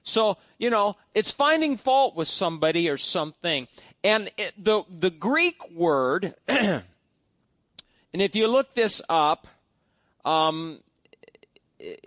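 A man's voice: sits high, expressive, takes it slowly, fairly bright tone, no room sound, clean studio sound. A man preaching a sermon in a church, talking in a conversational way and asking the congregation questions. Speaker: pastor.

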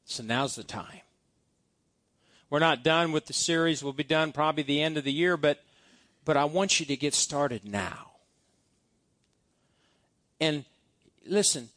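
A man's voice: a little high, a little slow, pauses often, a bit bright, no room sound. A male pastor preaching a sermon, reciting scripture-based blessing prayers with emphasis. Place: church.

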